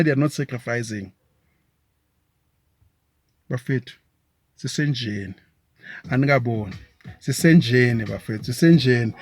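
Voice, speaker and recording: A man with a South African accent delivering an impassioned, scornful political rant, mixing isiZulu words into his English. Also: fairly high pitch.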